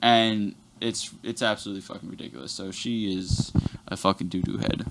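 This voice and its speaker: A man's voice: on the low side, fairly quick, vocal fry, heavy background noise. Profane rambling young man telling stories. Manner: profane, rambling, animated storytelling. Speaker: podcast guest. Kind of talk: casual podcast chat, storytelling.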